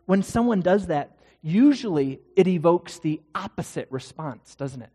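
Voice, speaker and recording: A man's voice: high voice, animated, normal speed, hardly any pauses, darkish tone. A male pastor preaching a sermon in a conversational way, often asking the congregation rhetorical questions. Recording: long hall reverb.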